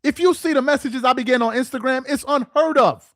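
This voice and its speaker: A man hosting a sports rant show, mocking and exasperated, firing off rhetorical questions, tripping over repeated words and rising into shouts. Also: extremely high pitch, fast talker, no echo, studio quality. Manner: stumbles and repeats words when worked up; rises into shouts. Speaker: sports commentator host.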